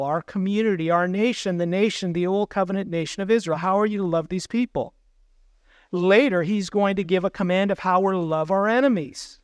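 A man's voice: high voice, clean tone, dry recording. A man preaching a sermon as pastor, earnest, putting questions to the congregation.

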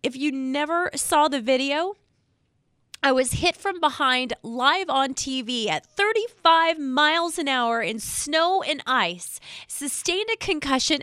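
A woman in public safety speaking straight to viewers, emotional and near tears, earnest and halting, repeating words as she talks. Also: high-pitched, expressive, sharp tone, dry recording, studio quality. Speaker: state trooper spokesperson. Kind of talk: emotional direct-to-camera talk.

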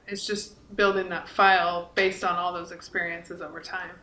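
A woman's voice: lowish voice, flat delivery, moderate pace, bright, forceful tone. A woman in her forties, chatty and earnest, talking casually on a podcast with lots of likes and restarts. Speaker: podcast co-host and author. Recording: echoey room.

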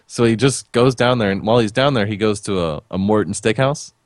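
A man's voice: fairly low pitch, brisk, dry recording, clean studio sound. A young man co-hosting a casual podcast chat, blunt and swearing freely. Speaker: podcast co-host.

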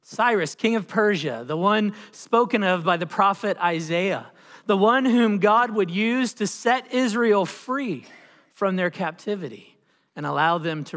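A man preaching a sermon as pastor, telling a story with dramatic pauses and swelling emphasis. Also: sits high, a bit bright. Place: church sanctuary. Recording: long reverb of a church hall.

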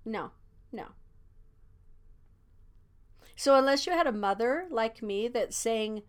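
A woman's voice: on the high side, expressive, normal speed, clean tone. A woman in her sixties, a kindergarten teacher, chatting casually and laughing often between thoughts. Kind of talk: casual conversation.

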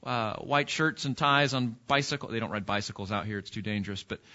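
A man's voice: lowish voice, brisk, bright, forceful tone, lo-fi sound. A man teaching an interactive Bible study lesson in a church classroom, putting questions to the class and often restarting his sentences. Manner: conversational, asks the class questions, frequent restarts.

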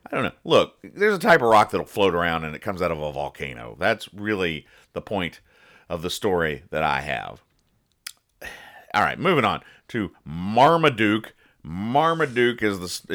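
Deep-voiced man hosting a joking comics podcast. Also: a bit bright. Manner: rambling, joking, explains the punchlines. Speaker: podcast host reading comics. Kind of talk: casual comedic podcast chat.

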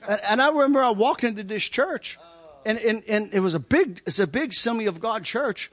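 Animated man with a lively high voice. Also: fairly quick. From Kentucky. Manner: repeats phrases for emphasis, chuckles through the telling. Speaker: guest sharing his testimony. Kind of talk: animated personal testimony storytelling.

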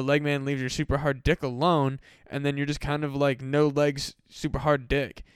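A man hosting a comedy podcast, rambling through mock-serious warnings in a profane, deadpan monologue. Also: a little high, clean tone, no echo, clean studio sound. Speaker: podcast host.

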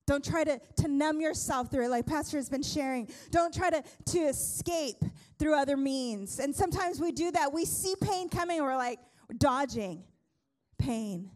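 A young woman pastor delivers a sermon in a high, bright-pitched voice. She preaches conversationally, tells jokes and often breaks off to restart her sentences, swinging between big emphatic lines and quiet asides. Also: normal speed, soft background music. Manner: lively, conversational preaching with humor and many restarts.

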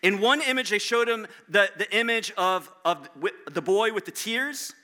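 A male pastor delivering a sermon in a high, strikingly bright and sharp voice. He speaks conversationally, pokes fun at himself, and often restarts his sentences. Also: moderate pace. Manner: conversational, self-deprecating, with frequent restarts.

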